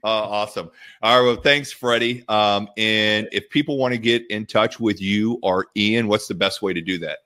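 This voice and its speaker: A man with a deep, low voice hosts a podcast in casual conversation. He talks upbeat and chatty, sprinkling in ums and restarts. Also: normal speed, few pauses, pushed and bright. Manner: upbeat, chatty, many fillers. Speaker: podcast host. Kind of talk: casual interview chat.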